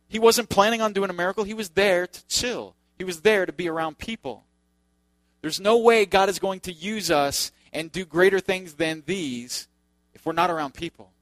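Male pastor, conversational sermon, joking asides, slightly high voice, dry sound. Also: a bit bright, no room sound.

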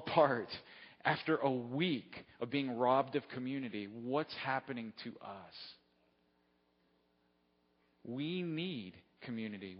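A man delivers a sermon in an easy, conversational manner, pausing to check in with his listeners as he tells a story. His voice sits in a middle pitch and rings with a long hall reverb. The recording sounds dull and lo-fi. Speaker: preacher.

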